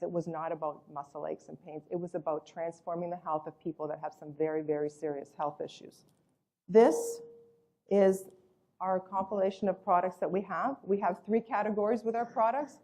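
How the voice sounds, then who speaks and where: Enthusiastic woman giving a sales pitch. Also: fairly even intonation, moderate pace. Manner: emphatic, enthusiastic pitch with repeated superlatives; acts out quoted voices in storytelling. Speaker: network marketing presenter. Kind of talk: sales presentation.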